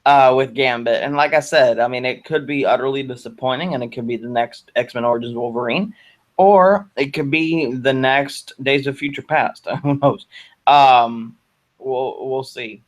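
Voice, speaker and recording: A man co-hosting a casual movie discussion, chatty and quick with jokey asides and interjections. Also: mid-range voice. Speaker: co-host of a movie discussion channel.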